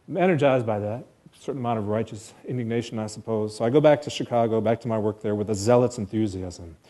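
A man's voice: medium pitch, mellow. A man from the United States telling a personal story to an audience, earnest and self-deprecating, in vivid present tense.

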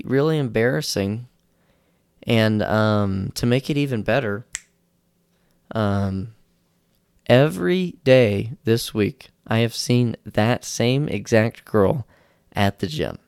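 A man's voice: fairly low pitch, vocal fry, darkish tone, clear, resonant tone, no room sound, studio quality. A young man hosting a podcast, telling a rambling, self-deprecating story in casual talk and acting out the quotes in raised voices. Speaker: podcast host.

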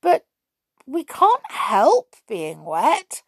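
A woman's voice: lowish voice, sing-song, normal speed, a little mellow, no echo. Woman playing Trickle, a plaintive little water sprite. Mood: sorrowful.

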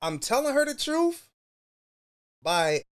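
A man in casual chat, animated, acting out quotes with big jumps in pitch. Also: slow.

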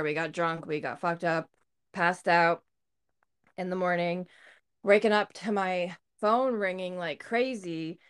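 A woman's voice: on the low side, a bit bright, clear, resonant tone. A woman co-hosting a podcast, telling a personal story in a candid, blunt way and swearing freely. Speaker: podcast co-host. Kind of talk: casual storytelling.

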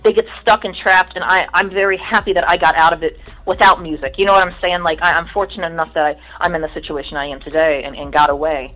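A woman's voice: on the low side, fast, few pauses, rough recording. A woman guest in casual chat, telling stories bluntly with lots of swearing and acted-out voices. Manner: blunt, profane storytelling with lively mimicry.

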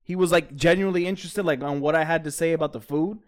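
Animated man telling a story. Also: a little high, quick pace. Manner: animated, profane, laughs while telling a story. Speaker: podcast co-host. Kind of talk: casual storytelling chat.

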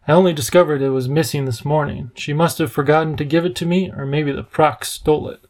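A man voicing an earnest, worried older professor in a storybook reading, measured and grave, with a bitter edge. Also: on the high side, fairly even intonation, a little mellow, close to an everyday voice.

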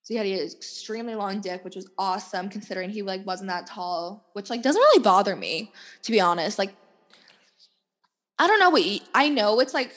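A woman's voice: mid-range voice, brisk. A young woman in her twenties hosting a casual solo podcast, talking candidly with lots of "like" fillers and laughter. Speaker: podcast host. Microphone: podcast mic.

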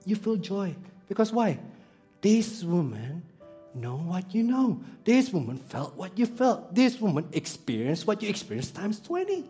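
A male pastor preaching an animated sermon, swinging between loud exclamations and soft, quiet asides, full of rhetorical questions and stories. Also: sits high, a little slow, soft background music.

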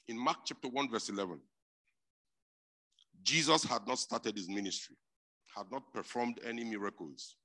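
A man preaching a sermon, emphatic and repeating his key phrases, dropping to quiet stretches and rising to loud, forceful bursts. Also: medium pitch, moderate pace, pauses often.

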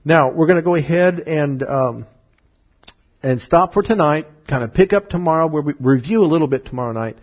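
Animated husky-voiced man preaching. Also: a little high, fairly quick, highs cut off. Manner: animated, acts out voices in stories, laughs often. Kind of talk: sermon. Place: church meeting room.

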